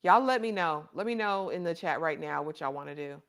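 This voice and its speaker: Speaking fairly quickly and expressively, a woman with a low, somewhat bright voice hosts a casual livestream. She chats affectionately, reads out viewer comments, and calls her audience honey and baby.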